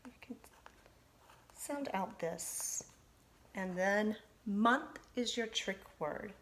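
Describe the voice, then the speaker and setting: A woman teacher speaks with a mid-range, fairly bright voice and lively intonation. In a spelling lesson for young pupils, she dictates slowly and deliberately, giving one letter at a time and offering patient encouragement.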